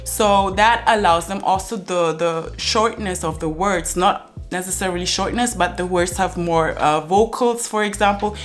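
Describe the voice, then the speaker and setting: A young woman explains things casually to her camera for a language-learning vlog. Her voice sits a bit low, and she thinks aloud, restarting sentences and filling pauses. Soft music plays faintly behind her.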